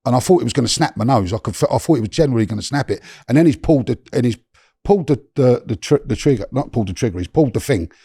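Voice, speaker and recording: A man, a guest on a podcast, telling a story in an animated, slangy way with swearing and many restarts. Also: medium pitch, racing, creaky, breathy edge, dry recording, studio quality.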